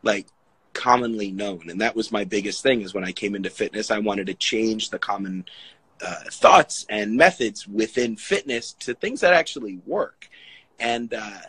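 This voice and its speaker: Husky and on the low side, this man's voice moves at normal speed on a low-quality recording without echo. An Italian-heritage fitness coach, he talks casually in an interview, rambling through animated stories full of acted-out quotes.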